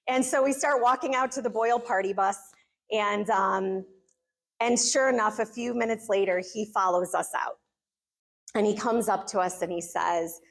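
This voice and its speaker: A middle-aged American woman speaking to a church gathering, telling a personal story in an earnest, animated way. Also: mid-range voice, a little slow. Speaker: conference speaker. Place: church hall.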